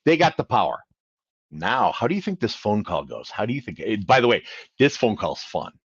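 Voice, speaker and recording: A man's voice: on the low side, moderate pace, slightly rough, dry recording. A man coaching on credit during a live Q&A stream, talking casually and acting out phone calls. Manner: animated, acts out phone calls. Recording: dull, dry sound.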